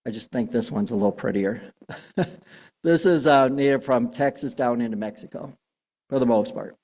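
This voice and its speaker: A man's voice: mid-range voice, normal speed, a little mellow. A man giving a casual public talk on plants, chatty with many fillers and restarts. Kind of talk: public gardening talk with slides. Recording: long hall reverb.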